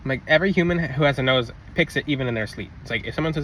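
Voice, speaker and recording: Bright-voiced young man rambling casually. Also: mid-range voice, expressive, rapid-fire, few pauses, a little hiss or hum, low-quality recording. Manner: rambling, loose, full of fillers and restarts. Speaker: vlogger. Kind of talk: casual spiritual vlog talk.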